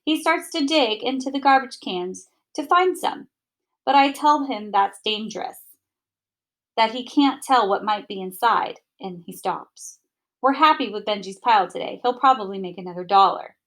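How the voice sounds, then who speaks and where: A woman reading a children's picture book aloud in an expressive, gentle first-person narration. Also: fairly high pitch, normal speed. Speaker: storybook reader.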